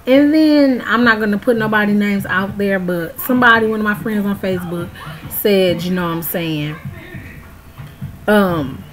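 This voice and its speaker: A woman's voice: mid-range voice, moderate pace, rough recording. A woman in her early twenties talking straight to viewers in an outraged, emphatic casual vlog rant. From United States. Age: early 20s. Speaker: vlogger. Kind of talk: casual ranting vlog to camera.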